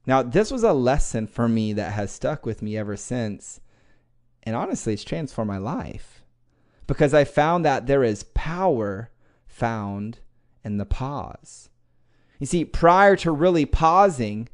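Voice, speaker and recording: A man hosting a podcast, telling a motivational personal story in a lively, conversational way with casual swearing. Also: medium pitch, measured pace. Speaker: podcast host.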